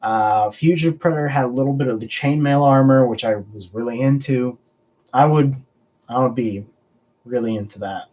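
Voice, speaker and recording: A man's voice: mid-range voice, normal speed, darkish tone, low-quality recording. A young man from the American South hosts a loose live stream, answering viewers in an easygoing, rambling way. His talk is casual and peppered with swearing. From Southern United States. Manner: laid-back and rambling, swears freely. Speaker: collectibles channel host.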